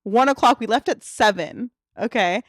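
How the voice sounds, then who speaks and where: A young woman with a fairly high voice tells a rambling story in casual podcast chat, acting out what everyone said. The sound is close and dry, with no room echo. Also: normal speed. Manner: animated storyteller, acts out quotes, frequent fillers. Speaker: podcast co-host.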